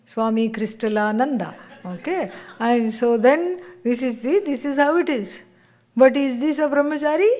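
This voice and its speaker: A woman spiritual teacher giving a scripture class, unhurried and laughing often as she tells stories. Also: on the high side.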